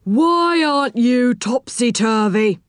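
A woman voicing a stern male policeman in a storybook, speaking slowly and solemnly. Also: fairly high pitch, expressive, smooth, no room sound, clean studio sound.

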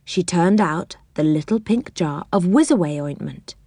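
A woman reads a children's story aloud, taking her time over each phrase. Her voice rises and falls in a very lively way. The recording is close and dry. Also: fairly low pitch, no echo. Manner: expressive, unhurried storybook reading.

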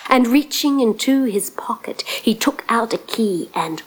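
A woman telling a fairy tale in a lively, expressive way, stretching words for effect. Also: on the high side, a little slow, very noisy. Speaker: storyteller. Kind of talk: storytelling. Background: guitar music.

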